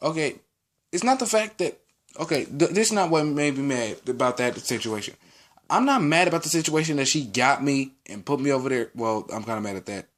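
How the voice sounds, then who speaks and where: A man's voice: medium pitch, expressive, brisk, fairly bright tone. A teenage male vlogger telling a school story in a casual, rambling way, with many restarts and acted-out quotes.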